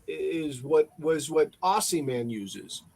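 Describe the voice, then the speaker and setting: A man's voice: on the high side, expressive, slow pace, gravelly, a little mellow. A man on a casual show panel, giving brief reactions and reading out viewers' notes. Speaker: panel member.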